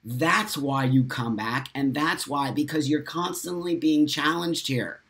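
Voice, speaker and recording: A man's voice: fairly high pitch, unhurried, a bit bright. Blunt, profane middle-aged man hosting. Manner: emphatic, blunt, swears freely, laughs often. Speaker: host. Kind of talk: casual livestream chat reading viewer comments.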